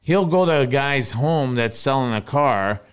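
A man's voice: medium pitch, animated, a little slow, clear, resonant tone. A man co-hosting a podcast, talking loosely and profanely and tossing out questions. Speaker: podcast co-host. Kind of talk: casual chat.

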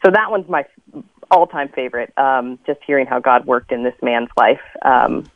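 A woman's voice: a bass voice, animated, normal speed, heavy background noise. A woman guest on a radio interview who explains things in an upbeat way with frequent ums. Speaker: ministry guest. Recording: dry tinny phone line.

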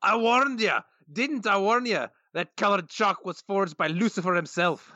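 A man putting on a put-on Scottish accent to voice a grumpy male groundskeeper, ranting loudly and gruffly. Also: high voice, measured pace, no echo, dull audio, pitched above the performer's own voice.

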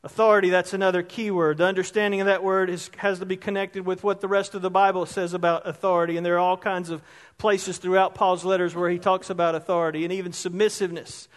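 A male pastor with a very high voice delivers a relaxed, conversational sermon and often puts questions to his congregation. His words ring out with a long reverb from the church hall. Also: quick pace. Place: church sanctuary.

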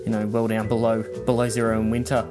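A man with an Australian accent, a podcast listener answering interview questions in a measured, thoughtful way with frequent ums. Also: on the low side, completely flat delivery, over loud music.

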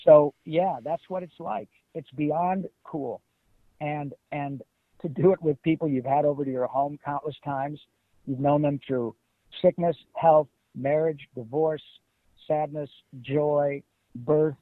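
A middle-aged man from Detroit, telling stories as an interview guest in an animated, emphatic way. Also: on the high side, slow pace, no room sound. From Detroit, USA. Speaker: guest voice actor. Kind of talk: casual interview. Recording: tinny phone-like line.

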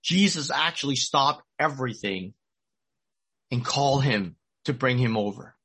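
A man's voice: medium pitch, lively intonation, measured pace, a bit bright, slightly rough. A middle-aged man preaching a sermon, retelling a story earnestly and repeating his key points. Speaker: pastor.

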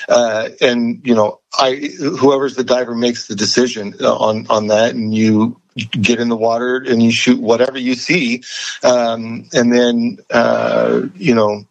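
A man's voice: medium pitch, lo-fi sound. Hesitant male interview guest. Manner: hesitant, many fillers and restarts. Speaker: guest, underwater videographer. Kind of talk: casual radio interview.

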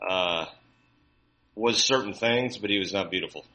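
Bright-toned man with dry wit. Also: deep voice, moderate pace, rough recording. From Mississippi. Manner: dry, wry humor, laughs easily. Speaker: podcast co-host. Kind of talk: casual podcast chat.

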